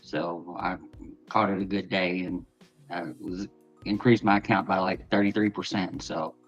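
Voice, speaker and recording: A low-voiced American man speaks over a dull, lo-fi call line with faint music behind. His answers are short, modest and polite. He talks plainly about his day. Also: little pitch movement, normal speed. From United States. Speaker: guest trader on panel.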